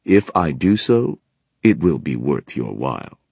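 A man's voice: extremely low pitch, big pitch swings, a little slow, vocal fry, darkish tone, husky, dry recording, studio quality, exaggerated voice. A man doing a grand, food-loving male warlock. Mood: emphatic. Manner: grand and emphatic.

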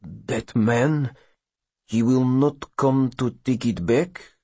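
A nervous, grateful immigrant father, played by a male narrator with a somewhat raised, husky voice. He speaks in halting phrases in a close, dry storybook reading. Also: fairly high pitch, very animated, darkish tone, pitched above the performer's own voice, heavily acted.

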